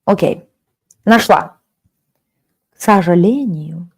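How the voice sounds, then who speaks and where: A woman in her forties from Russia's Kaliningrad region, with a Russian accent, teaches a live-streamed Russian lesson, switching languages and reading the chat aloud. Her lowish voice is animated and slow, a little mellow and slightly rough.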